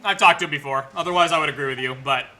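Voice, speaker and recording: A man's voice: fairly high pitch, rapid-fire, pushed and bright, low-quality recording. A young man streaming a video game at home, chatting casually and joking, laughing often and mimicking the characters. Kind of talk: casual livestream commentary.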